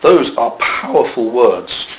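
A man's voice: medium pitch, big pitch swings, slow pace, slight background noise, poor audio. A man preaching a sermon in a church, conversational, with self-deprecating asides.

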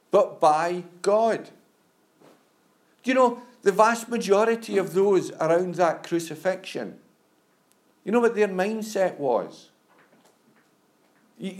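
A male preacher giving a conversational sermon, often saying "you know" and stammering on restarts. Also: high-pitched.

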